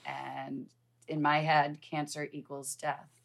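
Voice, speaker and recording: A woman in her fifties telling a personal story in conversation, earnest and halting, with frequent restarts. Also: low voice, flat delivery, vocal fry. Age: 50s. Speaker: guest.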